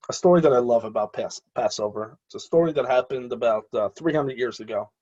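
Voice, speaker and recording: Husky man telling an animated story. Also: medium pitch, dull audio. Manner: animated storytelling with quoted voices; hesitant with frequent fillers and restarts. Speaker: rabbi. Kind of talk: storytelling talk.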